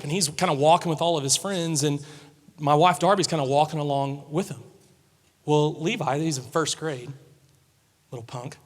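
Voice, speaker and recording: A male pastor with a slightly high voice preaches to his congregation, moving between hushed storytelling and bursts of excitement. His voice rings out with a long reverb. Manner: storytelling, animated swings from soft to loud. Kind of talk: sermon.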